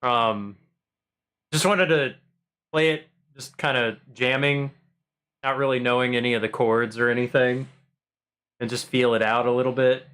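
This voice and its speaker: This livestream host has a clear, resonant, somewhat bright mid-range voice with a steady tone, speaking unhurriedly and pausing often. He chats casually and playfully with viewers, rambling, repeating phrases, and filling gaps with um.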